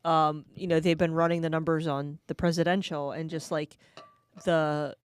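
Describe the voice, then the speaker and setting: A woman's voice: deep voice, level tone, clear, resonant tone. A woman co-hosting a casual podcast, agreeing and chiming in with short comments. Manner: agreeing, chimes in with quick reactions. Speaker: podcast co-host. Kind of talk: casual political chat.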